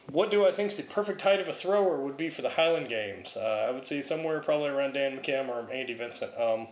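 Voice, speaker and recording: A young man answering viewer questions about Highland Games throwing and training in a blunt, offhand way with casual swearing. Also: darkish tone, reverberant. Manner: blunt, profane, offhand, reads questions aloud then answers. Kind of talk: casual Q&A vlog.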